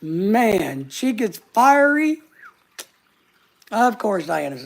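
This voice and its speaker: A man's voice: high-pitched, big pitch swings, slow pace, vocal fry. Jokey man hosting a live chat. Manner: jokey, reads viewer comments aloud. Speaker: livestream host. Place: home living room couch.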